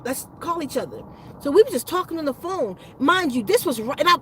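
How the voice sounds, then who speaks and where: This spiritual healer and channel host speaks in a high register, and the low-quality recording carries some hiss or hum. She's chatting casually on a livestream, spinning a meandering, foul-mouthed tale.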